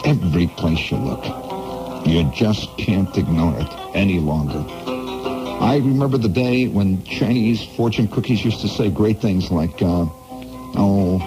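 A radio host from the Midwest telling a rambling, digressive story in a wry, playful way, full of asides. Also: male voice, sits low, a little slow, over music, rough recording. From American Midwest.

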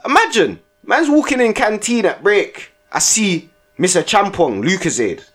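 A man's voice: high voice, big pitch swings, normal speed, fairly bright tone, faint music behind. A young man, co-hosting a casual podcast and telling stories in heavy slang, often laughing. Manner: slangy, laughs often, tags lines with "innit". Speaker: podcast co-host. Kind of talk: casual chat, storytelling.

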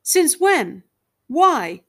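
A woman voicing a frustrated, defensive husband who turns loud and agitated, raising her pitch and volume for him. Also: big pitch swings, brisk. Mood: shouting.

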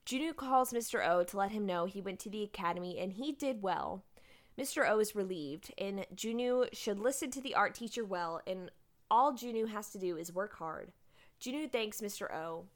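A woman's voice: mid-range voice, animated, normal speed. A woman co-hosting a casual podcast, animatedly summarizing drama episodes and laughing often. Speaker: podcast co-host recapping a drama. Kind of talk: casual chat recapping episodes.

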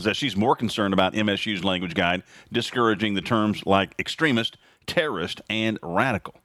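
A man hosting his own podcast, talking casually and sarcastically in an animated opinion monologue from home. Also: no echo, studio quality. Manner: animated, sarcastic, jumps high in pitch for emphasis. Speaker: podcast host.

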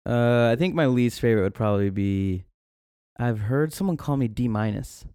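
A young man tells stories as a guest in a casual chat, animated and quick to laugh. His voice sits at an ordinary male pitch. The sound is dry and close, with no room around it. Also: smooth, dry recording. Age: young adult. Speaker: podcast guest.

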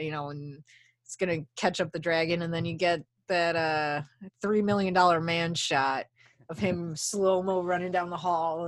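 Lowish-voiced woman recapping a movie. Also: dry recording. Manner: laughing, animated recapping. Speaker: podcast co-host. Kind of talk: casual movie recap chat.

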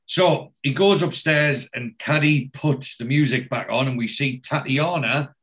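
A man chatting through a TV episode scene by scene as a podcast co-host. He rambles along loosely and keeps jumping into the characters' voices. His pitch sits in the middle range. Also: unhurried, a bit bright. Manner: rambling storyteller who acts out the characters. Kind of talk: casual recap of a TV show.

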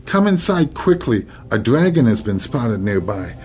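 A man reading aloud, voicing a worried noble mother in a raised, hurried voice. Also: mid-range voice, sing-song, darkish tone. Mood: urgent. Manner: hurried, relieved-then-urgent storybook voice.

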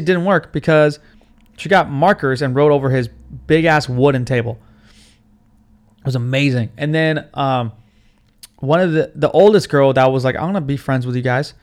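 A profane, rambling young guy. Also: a little high. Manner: loose, profane, rambling storytelling. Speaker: podcast host. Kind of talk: casual monologue.

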